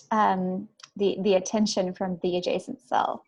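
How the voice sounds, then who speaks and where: A woman's voice: mid-range voice, level tone, unhurried, darkish tone. A woman player in a tabletop game explaining her character's actions, with some restarts. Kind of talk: tabletop role-play.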